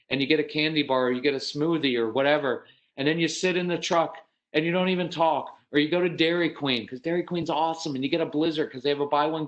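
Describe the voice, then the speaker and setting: A man with a drawl talks parents through calmer habits in a seminar. His voice sits fairly high, and he speaks in a folksy, earnest way, addressing fathers head-on. When he voices other parents, his pitch jumps sharply. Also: muffled recording. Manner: animated, acts out quoted parents with sudden pitch jumps.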